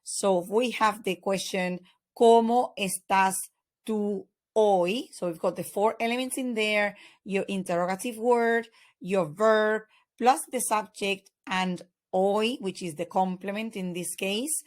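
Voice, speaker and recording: Woman teacher going through spanish grammar step by step, lots of uhs, mid pitch. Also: slow pace. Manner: patient, methodical, with frequent "uh" fillers. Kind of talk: explaining grammar lesson.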